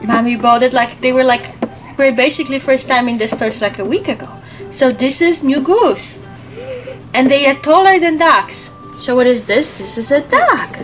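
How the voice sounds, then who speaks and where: A young mother talks to her child at home in a fairly high, lively voice. She teaches casually and keeps asking simple, encouraging questions. Music plays clearly in the background. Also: normal speed.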